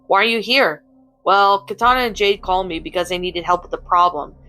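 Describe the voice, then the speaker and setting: A woman's voice: lowish voice, brisk, bright, forceful tone. A woman voicing a grumpy, embarrassed male wind god who mutters and sulks. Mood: sulky. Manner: muttering, sulky and irritable.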